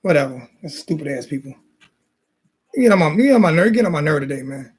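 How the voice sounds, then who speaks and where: A man with a high voice rants fired-up about football, repeating himself and calling people names. He speaks in a casual, heated sports-talk style. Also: animated, quick pace, husky. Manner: repetitive, insulting, fired-up ranting. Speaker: sports talk show host.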